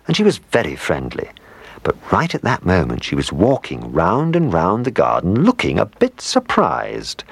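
A man's voice: low voice, creaky, husky, no echo. A man reading a children's story aloud, playful, with asides to the listener.

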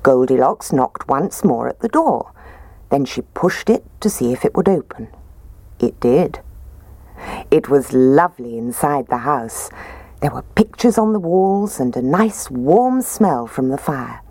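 A woman reading a children's storybook aloud in a gentle, expressive way. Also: rumbling low, unhurried, no echo.

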